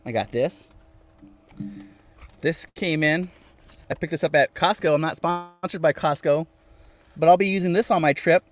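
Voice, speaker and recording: A man's voice: on the high side, moderate pace, long pauses, soft background music. A man hosting a casual live stream from inside his van, reading viewer comments aloud and repeating phrases playfully. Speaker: vanlife livestream host.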